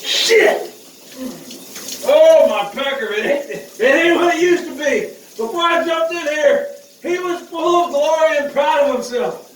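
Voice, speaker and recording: A man's voice: extremely high pitch, normal speed, far from the mic, a little hiss or hum. A man, talking casually to camera in a profane, joking vlog, whooping as he goes. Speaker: vlogger. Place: outdoor shower. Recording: echoey, from off the mic, with running water.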